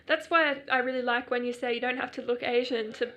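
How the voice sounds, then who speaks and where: A woman's voice: fairly high pitch, steady tone, fast talker, pushed and bright. A woman co-hosting a podcast in casual chat, talking with many fillers and laughing often. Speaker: podcast co-host.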